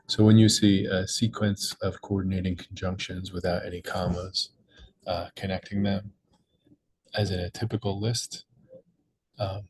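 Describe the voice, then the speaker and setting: A man's voice: deep voice, background noise. A young man patiently explaining crossword clues in a tutorial, with small slips and restarts. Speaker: crossword puzzle maker and teacher. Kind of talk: screen-recorded tutorial walkthrough.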